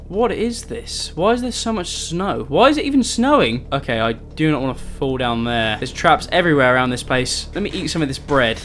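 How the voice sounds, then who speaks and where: A man's voice: a little high, fairly bright tone, slight background noise. A young man giving let's-play commentary on a survival game, easily startled, yelping at enemies and cracking sarcastic jokes. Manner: jumpy, easily startled, yelps and pleads at zombies; jokey, sarcastic asides. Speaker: gaming YouTuber.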